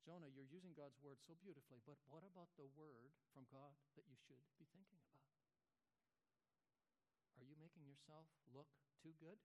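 High-voiced animated male pastor. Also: moderate pace. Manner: animated, rhetorical questions, frequent restarts. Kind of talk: sermon.

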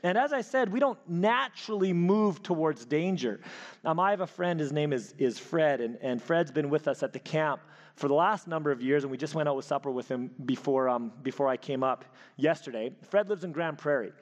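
A man preaching a sermon, telling a personal story with animated delivery and frequent restarts. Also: fairly high pitch, brisk. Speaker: pastor. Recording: hall reverb.

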